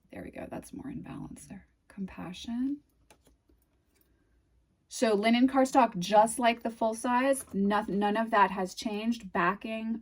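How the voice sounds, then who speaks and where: A woman with a New England accent chatting casually through an unboxing, gushing and dreamy, often trailing off into soft murmurs. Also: mid-range voice. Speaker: tarot video host.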